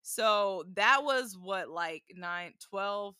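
A woman's voice: mid-range voice, extremely slow, pushed and bright, clear, resonant tone, dry recording, studio quality. A woman co-hosting a casual chat, telling a story with lots of "like" and loose, chatty phrasing. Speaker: podcast co-host, bride.

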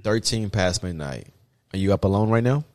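A man's voice: fairly low pitch, expressive, normal speed, a little mellow, no echo, clean studio sound. A man hosting a podcast, asking his guest questions in a casual chat. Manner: curious, asks questions. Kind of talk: interviewing chat.

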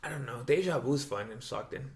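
A young man chats on a podcast in a gravelly voice, rambling through stories with plenty of fillers and swearing. His voice bounces around an echoey room, and his pitch sits in an ordinary middle range. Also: lively intonation, a little fast. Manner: loose, profane storyteller with many fillers and "dude". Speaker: podcast host. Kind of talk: casual chat.

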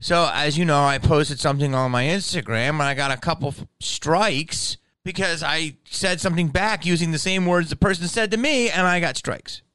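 A man talking straight to camera in a comedic monologue vlog. He rants in an animated, profane way. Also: fairly high pitch, normal speed, few pauses, clear, resonant tone, no room sound.

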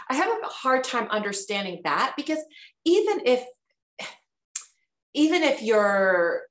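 A woman co-hosting a casual live-stream discussion, talking in an expressive, exasperated way. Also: medium pitch. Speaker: podcast co-host. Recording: echoey room.

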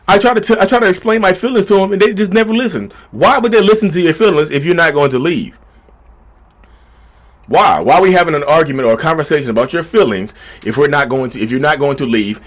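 A man giving blunt, profane relationship advice in a casual vlog monologue recorded in a backyard shed. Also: fairly high pitch. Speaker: vlogger.

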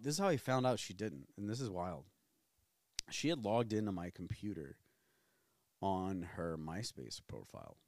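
A man's voice: medium pitch, no echo, studio quality. A man in his thirties from New Orleans, hosting a podcast and telling personal stories in a candid, profane, rambling way. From New Orleans, USA. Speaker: podcast host. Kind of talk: casual personal storytelling.

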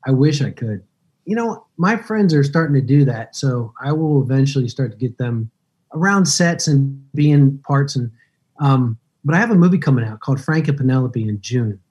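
A man in his fifties, an actor guest on a podcast, telling relaxed, rambling stories and laughing easily. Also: medium pitch, normal speed, breathy edge, muffled recording. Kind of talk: casual podcast interview.

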